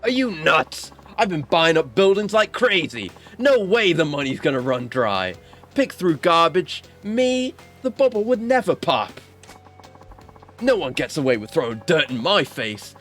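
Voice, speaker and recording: A man's voice: mid-range voice, very animated, fairly quick, few pauses, soft background music. A man voicing an angry, hotheaded young man who feels cheated. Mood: furious. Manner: shouting, furious.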